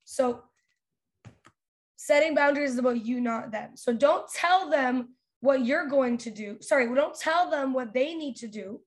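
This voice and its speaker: A young woman hosting a podcast, giving casual, animated advice with many fillers and restarts. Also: high voice, a little slow. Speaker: podcast host.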